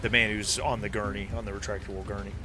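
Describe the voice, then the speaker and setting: A man narrating a tabletop game as game master, casual and halting. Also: lowish voice, little pitch movement, noisy background. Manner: casual, halting with many fillers.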